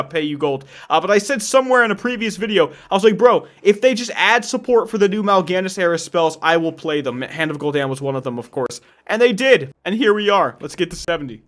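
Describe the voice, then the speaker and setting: High-voiced young man gaming commentary. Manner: animated, rambling, addresses viewers as guys and dude. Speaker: gaming YouTuber. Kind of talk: casual gameplay commentary.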